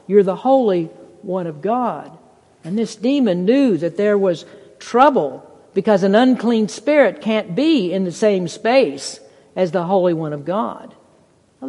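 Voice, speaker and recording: A preacher delivering a sermon, reading scripture in old-fashioned wording and rising in pitch to stress points, with the long reverb of a church sanctuary. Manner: reads scripture in King James wording, rises in pitch for emphasis. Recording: long reverb in a large hall.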